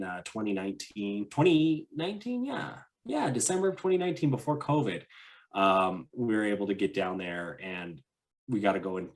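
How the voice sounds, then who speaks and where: A man co-hosting a podcast, chatting casually about travel in a rambling way, full of "like" and restarts. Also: fairly low pitch. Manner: rambling, many fillers and restarts. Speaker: podcast co-host.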